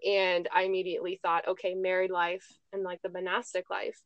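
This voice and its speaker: A woman's voice: on the low side, flat delivery, a little fast, no room sound, muffled recording. A young woman hosting a podcast, telling a personal story in casual chat, full of "like" and "I'm just like". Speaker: podcast host.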